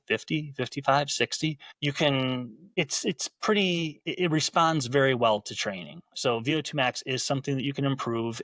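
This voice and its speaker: A male gym coach talking through a training topic in a relaxed, explanatory way. His voice sits at an ordinary middle pitch. It is recorded close and dry, with no room sound. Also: dry recording. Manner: conversational, repeats words while restarting sentences. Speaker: podcast host and gym coach. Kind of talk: casual explanatory talk.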